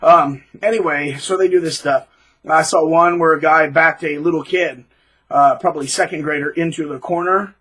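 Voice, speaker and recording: A man talks straight through a rambling commentary, dropping sarcastic asides. His voice is husky and sits a little high for a man. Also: fairly even intonation, normal speed, a bit bright, poor audio. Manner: rambling, sarcastic, with many fillers and restarts. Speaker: channel host. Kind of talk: ranting monologue commentary.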